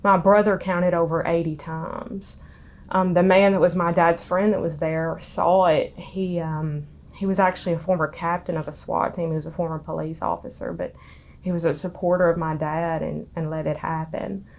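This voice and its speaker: A young woman, tearful and halting as she recounts her past in an interview. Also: fairly low pitch, level tone, creaky. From Tennessee. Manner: halting, with many ums. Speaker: interviewee, daughter of a street preacher.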